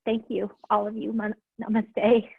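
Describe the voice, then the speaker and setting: A woman's voice: mid-range voice, completely flat delivery, measured pace, gravelly, breathy edge, dry recording. A woman yoga graduate giving a tearful, heartfelt farewell speech over a video call. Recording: thin phone-like video call, dry.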